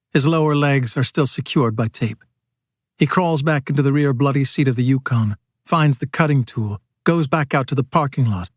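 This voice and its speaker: A man narrating an audiobook in a steady, measured reading voice. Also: medium pitch, dry recording, studio quality.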